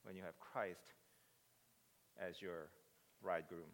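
A man preaching a sermon, moving between hushed reflection and loud, excited retelling. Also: sits low, slow pace. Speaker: pastor. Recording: preached in a reverberant hall.

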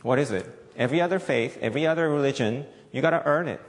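A man's voice: a little high, fast. A male pastor preaching a sermon, emphatic, repeating key points and asking the audience questions. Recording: long echoey reverb.

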